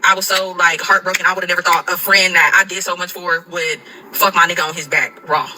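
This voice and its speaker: A young woman telling a dramatic storytime to viewers, animated and swearing often. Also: lowish voice, brisk, slight background noise, low-quality recording. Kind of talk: casual storytime to camera.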